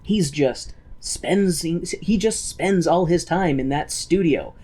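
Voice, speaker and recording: A man's voice: a little high, takes it slowly, dark tone. A man co-hosting a podcast, recapping a musical in casual, joking, profane chat and slipping into mocking put-on voices. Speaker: podcast co-host.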